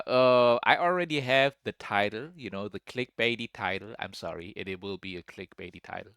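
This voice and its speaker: Gravelly, animated reaction commentator. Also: low voice, moderate pace, few pauses, dry recording, clean studio sound.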